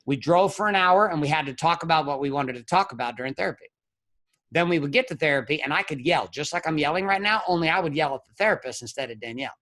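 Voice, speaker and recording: A man's voice: on the high side, expressive, quick pace, fairly bright tone. Blunt, profane man with a raised voice. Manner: blunt, profane, emphatic storytelling. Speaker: podcast guest, men's coach. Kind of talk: candid podcast interview.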